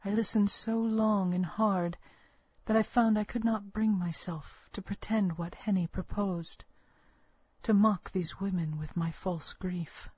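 A woman narrating a first-person story with a measured, earnest storytelling manner. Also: medium pitch, a little mellow, breathy edge, no room sound. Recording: dull, lo-fi, dry recording.

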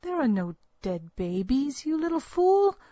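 A woman's voice: high-pitched, sing-song, unhurried, dark tone, dry recording, voice pushed up. A woman reading a story aloud, voicing a stern and secretive older village midwife who talks in a curt, bitter, scolding way. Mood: bitter, fervent. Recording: dull, lo-fi, dry recording.

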